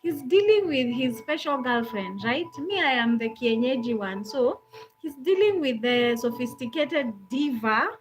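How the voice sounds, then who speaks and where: A Kenyan woman hosting a live talk, telling a personal story in an animated way and often breaking into laughter. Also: high voice, a little slow, slight background noise, poor audio. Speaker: host.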